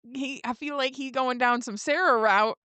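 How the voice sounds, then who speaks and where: Animated, smooth-voiced woman podcast co-host. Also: high voice, moderate pace, dry recording. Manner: animated retelling with laughs and quoted lines. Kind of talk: casual recap chat.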